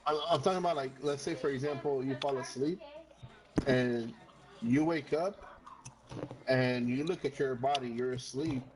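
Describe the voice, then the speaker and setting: A man's voice: mid-range voice, moderate pace, long pauses, poor audio. A man chatting with gaming friends, telling a long rambling story, swearing often and slipping into Spanish phrases. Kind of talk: casual storytelling chat.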